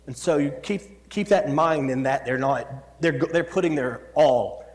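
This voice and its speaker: A man's voice: on the high side, unhurried. A man preaching a sermon in a church, reading scripture and adding conversational, joking asides. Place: church sanctuary. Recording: long church hall reverb.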